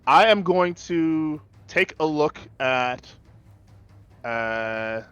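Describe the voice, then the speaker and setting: A man playing a tabletop role-playing game, speaking hesitantly with many pauses while he picks his spells. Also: on the high side, expressive, fairly bright tone, smooth, no echo, soft background music. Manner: slow, hesitant, with many ums. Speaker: player.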